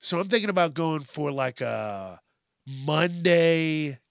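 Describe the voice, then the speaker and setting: A man's voice: a little high, lively intonation, slow, gravelly, no echo, studio quality. A man hosting a solo podcast, rambling and swearing, sometimes calling himself by name in the third person. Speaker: podcast host.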